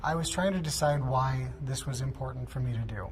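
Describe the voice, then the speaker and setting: A man, a parent, giving a hesitant, halting personal testimonial. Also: medium pitch, slight background noise. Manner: hesitant, halting, soft-spoken.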